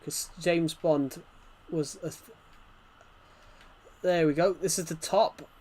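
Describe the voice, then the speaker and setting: A man's voice: a little high, steady tone, slow pace, a little mellow. A man streaming gameplay live, rambling chattily and answering chat messages, his nose bothered by hay fever.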